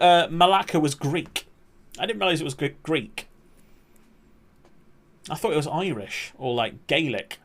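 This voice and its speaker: A man's voice: fairly high pitch, animated, measured pace, pauses often. A man chatting casually on a game stream, swearing and talking to his chat.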